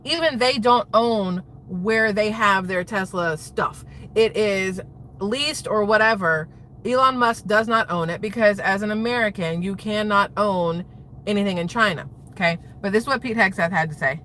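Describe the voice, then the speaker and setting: A middle-aged woman vlogging casual political commentary, rambling and exasperated, jumping between thoughts as she talks fast. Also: mid-range voice, bright, forceful tone, a little hiss or hum.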